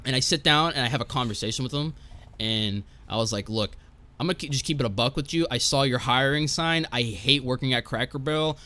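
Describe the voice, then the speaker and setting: Young male podcast guest, casual storyteller, foul-mouthed and rambling, mid-pitched everyday voice. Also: a little fast, sharp tone. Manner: profane, rambling, tags lines with "right?".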